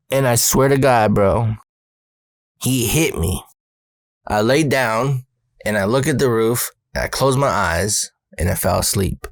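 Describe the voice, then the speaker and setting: Male storyteller, mid-pitched, slangy and profane, dry close mic. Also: measured pace, creaky, dry recording. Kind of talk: casual personal storytelling.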